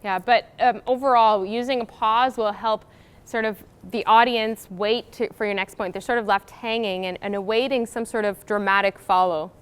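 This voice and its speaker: Co-presenting a university workshop, this young graduate student explains in a relaxed, sort-of-filled manner. She speaks at a moderate pace in a clear, resonant mid-range voice with fairly even intonation.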